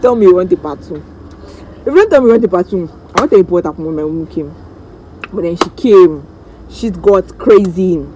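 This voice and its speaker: A Nigerian woman vlogger telling a story-time tale in an animated, dramatic way, acting out the voices of the people in it. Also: fairly low pitch, fairly quick, a little hiss or hum, poor audio.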